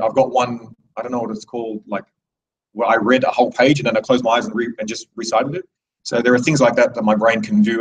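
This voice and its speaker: A man's voice: medium pitch, distant mic, slight background noise, poor audio. A man in his thirties giving a rambling, digressive live speech to an audience, with many restarts. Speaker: speaker at a live event.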